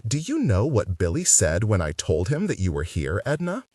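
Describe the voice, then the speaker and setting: A man's voice: lowish voice, wildly swooping pitch, moderate pace, darkish tone, slightly rough, no echo, full character voice. A man voicing an eccentric middle-aged woman who runs a theater, breezy, commanding and evasive. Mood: gossipy. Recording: dry sound, distant mic.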